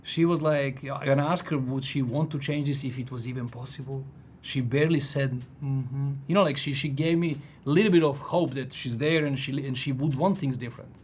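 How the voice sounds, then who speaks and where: A man in his forties telling a personal story in casual chat, animated, restarting sentences and laughing often. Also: medium pitch, fairly quick, slight background noise. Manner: animated, frequent restarts and laughs, "if you know what I mean".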